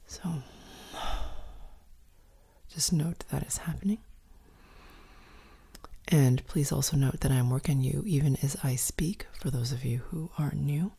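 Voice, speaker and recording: A woman guiding a meditation in a soft, slow, often whispered voice. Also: very deep voice, creaky, slightly rough. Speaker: meditation guide. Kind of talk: guided meditation.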